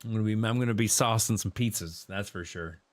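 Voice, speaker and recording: A man streaming a multiplayer game, chatting casually and jokingly, repeating himself and popping into sudden high exclamations. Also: quick pace. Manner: playful, jokey, repeats himself, jumps into squeaky exclamations. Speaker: gaming streamer. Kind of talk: casual multiplayer gameplay chat.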